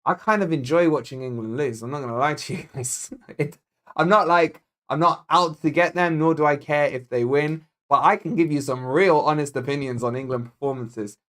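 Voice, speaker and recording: A Scottish-born man with a Scottish accent hosts a football fan channel's live watch-along, joking loosely and responding to viewer comments as he goes. His voice is fairly high and fairly bright, at a moderate pace.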